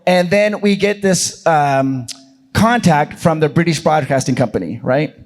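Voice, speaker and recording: Guy hosting a con panel, slightly high voice, chatty storyteller. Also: a little slow. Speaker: panel host and channel creator. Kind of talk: casual storytelling on a convention panel. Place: convention panel room.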